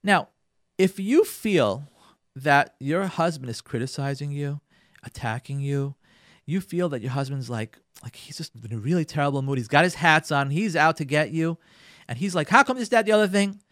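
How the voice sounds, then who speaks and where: A man's voice: a little high, normal speed, a bit bright, dry recording, clean studio sound. A man hosting a radio show who gives marriage advice in an emphatic, instructive way. He often acts out what spouses say and repeats words for emphasis. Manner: emphatic and instructive, addresses listeners directly.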